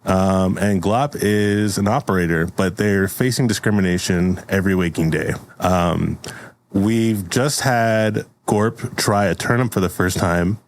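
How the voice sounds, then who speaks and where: A man hosting a comedy podcast with a slightly low voice. He recaps a story playfully, laughing often and stumbling over names. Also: unhurried. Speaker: podcast host.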